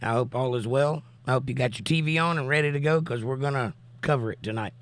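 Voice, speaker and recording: A man hosts a casual livestream, reading viewers' comments aloud in an easy, chatty way. His voice sits at an ordinary middle pitch. He is still getting his voice back after days of coughing. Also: fast. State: recovering voice, coughing. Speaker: livestream host. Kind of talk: casual live-chat commentary.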